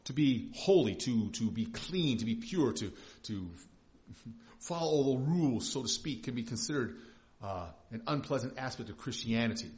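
A man's voice: medium pitch, animated, moderate pace, darkish tone. Conversational male pastor preaching. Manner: conversational, emphatic, with frequent restarts. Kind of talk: sermon. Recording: slightly dull lo-fi recording.

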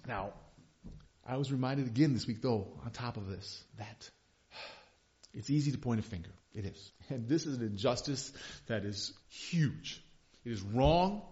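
A male pastor preaching a sermon, impassioned, swinging from hushed confession to loud emphasis. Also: medium pitch, lively intonation, unhurried. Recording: dull lo-fi recording.

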